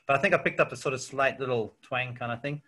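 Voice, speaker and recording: A man's voice: medium pitch, fast. A South African man in a casual interview, telling stories with lots of "yeah" and "um". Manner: relaxed storytelling with frequent fillers and "yeah". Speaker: interview guest. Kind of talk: casual chat.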